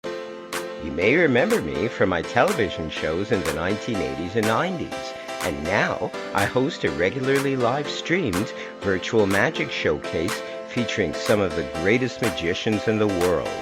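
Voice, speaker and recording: A man's voice: on the low side, big pitch swings, normal speed, loud music behind the voice. An older man hosting a live-streamed magic show, announcing acts in a showbiz style. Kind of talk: showman's host patter.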